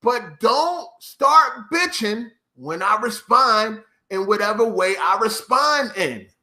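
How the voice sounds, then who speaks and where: Man, vlogger, high and sharp-toned, profane repetitive rant to camera. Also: lively intonation, takes it slowly. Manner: profane, repetitive, emphatic ranting. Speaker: YouTuber.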